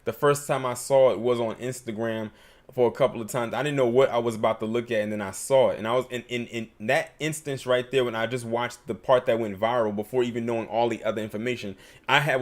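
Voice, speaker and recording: A man's voice: medium pitch, steady tone, brisk. A man hosting a livestream, giving emphatic, opinionated commentary and reading super chats.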